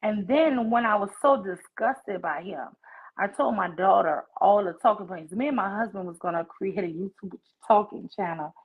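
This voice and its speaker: A woman's voice: medium pitch, moderate pace, husky. A woman in her forties, a guest on a livestream, telling her story in an outraged, emphatic way over a video call. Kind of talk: candid livestream conversation. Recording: muffled lo-fi stream audio.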